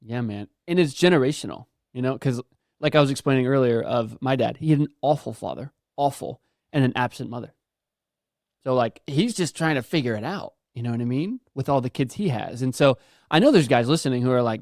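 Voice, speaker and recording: A man co-hosting a podcast, talking in a relaxed, reflective, conversational way. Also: mid-range voice, a little fast, no echo, studio quality. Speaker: podcast co-host.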